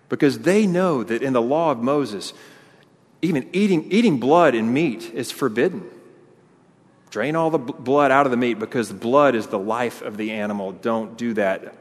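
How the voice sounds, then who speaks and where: Pastor guy preaching a sermon, lively, voice echoing around a big church. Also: medium pitch, normal speed. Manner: animated preaching, acting out voices of the crowd. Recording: long hall reverb.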